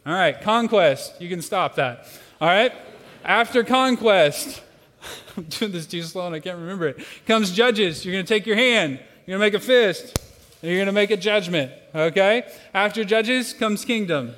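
A man's voice: high voice, animated, normal speed, a bit bright. A man leading a church congregation through a playful participation exercise, joking and coaching them as he teaches. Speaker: pastor. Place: church sanctuary with a large room. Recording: long hall reverb.

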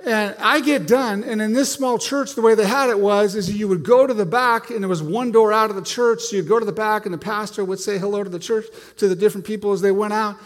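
Talking fast with hardly any pauses, a fairly high-voiced man delivers a sermon full of self-deprecating stories and frequent sentence restarts. A long reverb trails his voice, like he's in a big church.

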